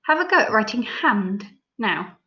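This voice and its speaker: A woman teacher with an English accent, leading a recorded phonics lesson for young children, sounding out each letter slowly and praising often. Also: a little high, big pitch swings, pushed and bright. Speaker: primary school teacher. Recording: slightly dull lo-fi recording.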